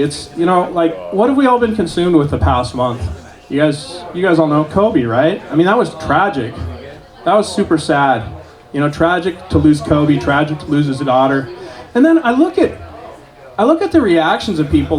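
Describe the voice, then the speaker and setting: A man in his late forties performing a stand-up set at an open mic, telling stories in a deadpan way with self-aware asides. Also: a little high. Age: 40s. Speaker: stand-up comedian. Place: small club stage with live audience.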